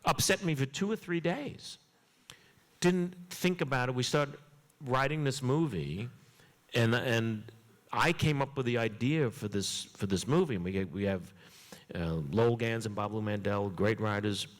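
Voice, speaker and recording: An older man tells stories as an interview guest. He acts out the other people's lines in a comic, animated way and often trips over his own restarts. His voice carries a long reverb, as if it were recorded in a large hall. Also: medium pitch, a little slow. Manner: lively comic storyteller who acts out dialogue, with stammering restarts. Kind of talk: animated anecdote telling.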